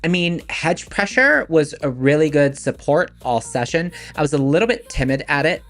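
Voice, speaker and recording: A man using a pitched-up filtered voice. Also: lively intonation, moderate pace, a bit bright, soft background music. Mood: relaxed. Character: stream host with a pitched-up voice. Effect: voice changer raising his voice.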